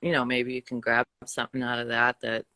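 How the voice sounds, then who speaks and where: A woman's voice: extremely low pitch, flat delivery, fairly quick, pushed and bright, no echo. An older woman from the Boston area with a Boston accent, chatting casually with a friend and laughing often. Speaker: co-host. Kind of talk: casual chat.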